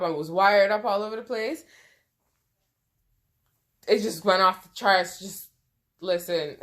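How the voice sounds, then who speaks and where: A woman's voice: a little high, a bit bright. A woman in a casual storytime vlog, talking conversationally with many "you know" asides and sounding emotional, close to tears at times. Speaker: vlogger.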